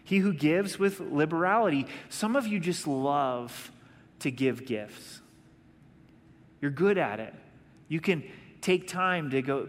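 A man's voice: a little high, lively intonation, normal speed. Pastor guy preaching, talky and casual, acts out bits, long reverb from the hall. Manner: conversational preaching with acted-out asides. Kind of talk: sermon. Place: church sanctuary.

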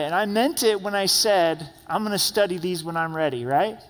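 A man's voice: high-pitched, normal speed, hardly any pauses, fairly bright tone, big-room sound. A man preaching a sermon as pastor, telling stories and acting out the voices of the people he quotes. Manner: storytelling, acts out quoted voices. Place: church sanctuary.

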